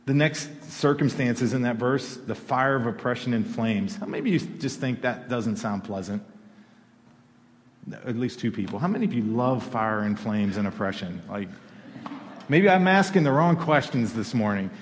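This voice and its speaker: A man's voice: mid-range voice, moderate pace, in a large hall, a little hiss or hum. A man preaching a sermon to his congregation, talking conversationally and rising to emphatic peaks. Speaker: pastor. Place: church hall.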